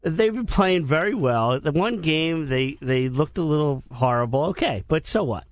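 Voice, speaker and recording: An easygoing man adds his thoughts on a radio panel, often hedging as he goes. His voice sits a little high, and the studio sound is dry. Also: animated, normal speed, dry recording.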